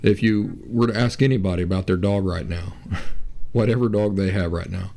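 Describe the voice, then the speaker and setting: Deep gravelly guy just talking it through slow, stops and restarts a lot, dark warm voice. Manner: unhurried, halting, with frequent restarts. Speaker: podcast host. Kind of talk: reflective casual talk.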